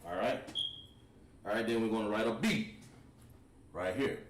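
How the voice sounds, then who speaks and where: A lowish-voiced man keeps a moderate pace while teaching an online language class. At the whiteboard he writes and explains step by step, easygoing throughout. The mic is distant and the room is echoey.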